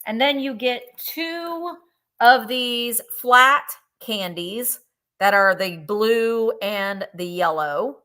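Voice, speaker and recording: A woman's voice: a little high, takes it slowly, bright, forceful tone. A woman co-hosting a live sale, chattily walking through each lot. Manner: chatty, upbeat selling. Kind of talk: livestream sales pitch.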